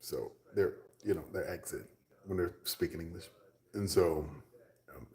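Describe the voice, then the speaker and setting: Deep guy rambling on a livestream, whispers his asides, echoey room. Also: moderate pace, dark tone. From Texas. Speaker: livestream host. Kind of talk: casual livestream chat with viewers.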